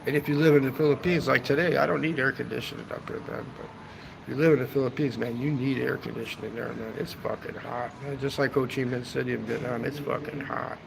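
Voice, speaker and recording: On a hotel rooftop, outdoors in the seating area, a male travel vlogger chats loosely for his livestream, cursing and tacking "man" onto the end of his sentences. He speaks quickly in a steady, gravelly mid-range voice over a noisy background.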